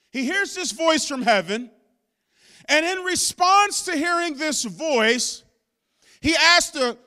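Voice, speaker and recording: A man pastor preaching a sermon with impassioned delivery that climbs into shouts. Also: sits high. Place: church sanctuary.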